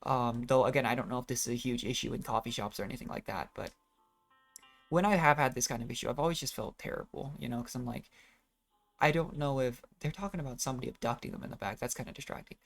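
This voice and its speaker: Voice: medium pitch, fast talker, soft background music. A gamer giving casual, rambling commentary while playing, often trailing off and restarting thoughts. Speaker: let's play gamer.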